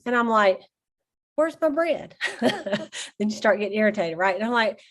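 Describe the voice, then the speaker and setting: A woman's voice: medium pitch, steady tone, a little fast, fairly bright tone. Chatty woman telling stories. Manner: chatty storyteller, addresses listeners as y'all, laughs often. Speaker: sales team leader. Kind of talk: casual talk on a team call.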